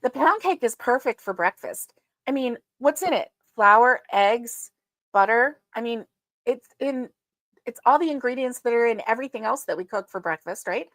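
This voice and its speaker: A woman's voice: a little high, animated, moderate pace, fairly bright tone, no echo. A woman hosting a casual livestream, chatting and rambling with many fillers and greeting her viewers. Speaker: livestream host. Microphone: streaming setup.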